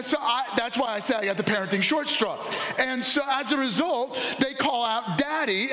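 Pastor with a high voice in a roomy hall. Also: male voice, fairly bright tone. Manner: candid, self-deprecating storytelling. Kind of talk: sermon. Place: church auditorium. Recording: echoey church hall.

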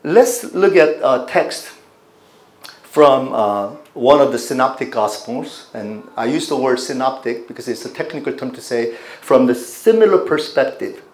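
A man's voice: mid-range voice, animated, measured pace, a little mellow, reverberant. A man pastor preaching a teaching sermon, putting questions to his congregation as he explains scripture.

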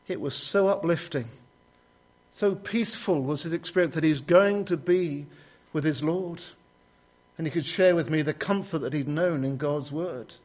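A man preaching a sermon, telling stories and voicing prayers with sudden lifts in pitch. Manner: storytelling, rising sharply when quoting prayers.

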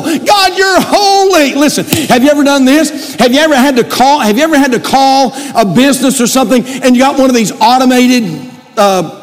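Male pastor with a very high voice, preaching with shouted emphasis in a church with long reverb. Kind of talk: sermon. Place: church sanctuary.

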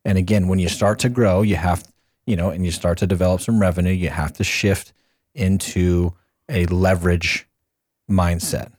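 A man co-hosting a podcast in casual chat, emphatic and repeating phrases for effect, his voice a little hoarse. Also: low-pitched, fairly even intonation, moderate pace, a little mellow, no echo, studio quality. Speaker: podcast co-host.

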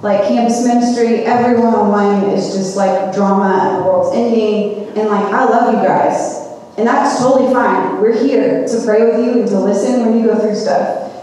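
Chatty woman preaching in an echoey hall. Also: mid-range voice. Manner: chatty, animated storytelling with many fillers. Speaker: campus ministry speaker. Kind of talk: storytelling sermon to students. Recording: echoey hall mic from a distance.

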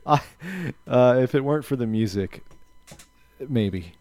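A man's voice: medium pitch, expressive, takes it slowly, a little mellow. A man co-hosting a podcast, chatting in a dry, laid-back way and often trailing off. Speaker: podcast co-host. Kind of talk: casual chat.

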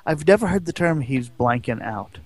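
A man's voice: a little high, lively intonation, normal speed, dry recording. A man co-hosting a podcast in casual banter, joking and cutting in often. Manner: joking, keeps interrupting. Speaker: podcast co-host.

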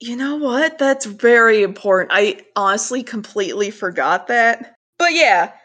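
A woman co-hosting a podcast, chatting casually about an episode, animated and swearing freely. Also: fairly high pitch, normal speed. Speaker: podcast co-host. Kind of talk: casual recap chat.

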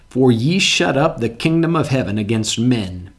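A male pastor delivering a sermon to his congregation in a church. His voice sits in a middle pitch, and his manner is earnest and conversational. He often doubles words as he searches for the phrase, then punches out the old-style scripture verses with emphasis. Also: lively intonation, moderate pace.

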